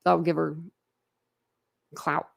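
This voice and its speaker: A woman's voice: low voice, level tone, slow pace, vocal fry. A woman hosting a livestream, chatting casually and bluntly with viewers, rambling and laughing often. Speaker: livestream host. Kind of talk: casual chat with live viewers.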